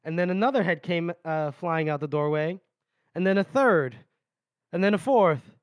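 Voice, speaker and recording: A man's voice: a little high, animated, normal speed, clear, resonant tone, no room sound. A man on a podcast retelling a fantasy novel chapter, reading passages aloud and laughing often as he goes. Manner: laughs often while retelling, voices characters lightly. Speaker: podcast host. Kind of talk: casual book recap with read-aloud passages.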